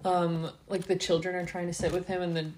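A woman's voice: lowish voice, level tone, brisk, crowd noise. A young woman co-hosting a casual faith podcast, laughing often and acting out little quoted voices as she talks. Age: young adult. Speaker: podcast co-host.

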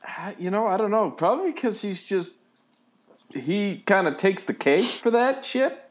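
Lively rambling man telling stories. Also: high-pitched, measured pace. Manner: rambling storyteller with restarts and chuckles. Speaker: podcast co-host, father. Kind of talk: casual chat.

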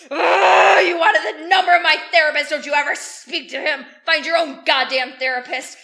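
A woman puts on a furious middle-aged man in a comedy podcast re-enactment, sneering and swearing. The voice stays high and bright, with little attempt to sound male. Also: normal speed, gravelly, exaggerated voice. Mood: screaming. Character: raging foul-mouthed middle-aged man, bullying partner.

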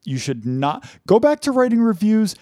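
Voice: mid-range voice, very animated, moderate pace, warm tone, dry recording, studio quality. A podcast co-host in casual chat, venting frustration with plenty of swearing.

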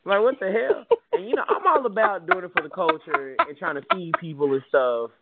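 Animated storytelling man on a tinny line. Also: fairly high pitch, a little fast, creaky, heavy background noise. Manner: animated, swearing, mimics people in his stories. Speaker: podcast co-host. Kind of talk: casual storytelling chat. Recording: tinny phone-like audio.

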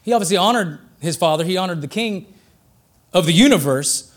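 A man preaching a sermon in a conversational, joking way, getting louder and quicker when he makes a point. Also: high voice. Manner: conversational and joking, rising excitedly for emphasis.

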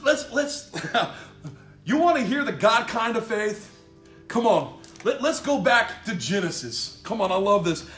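Man, preacher, fiery sermon, emphatic and repetitive, high voice, roomy echo. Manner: fiery, emphatic, repeats phrases, shouts of "come on". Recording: echoey room with faint music behind.

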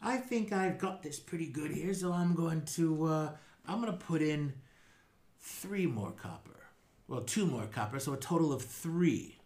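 A man's voice: on the high side, lively intonation, measured pace, a little mellow, reverberant, voice pushed up. A man voicing a confident tavern woman raising her bet in a gamble.

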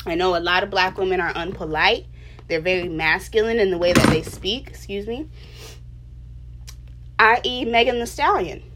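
A woman's voice: medium pitch, moderate pace, pauses often, fairly bright tone, a little hiss or hum. Passionate, emphatic woman lecturing. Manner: preachy, lecturing. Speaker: vlogger. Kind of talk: opinion monologue to camera.

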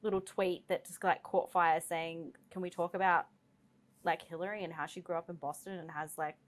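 A woman's voice: lowish voice, moderate pace, slight background noise. A woman co-hosting a podcast, telling stories in casual chat with lots of fillers. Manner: animated storytelling, many fillers. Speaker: podcast co-host.

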